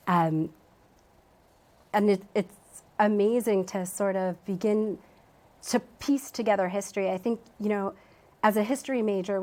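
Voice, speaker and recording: A museum education director answers interview questions in a TV studio, thoughtful and often pausing with ums and restarts. She has a medium-pitched, slightly mellow voice.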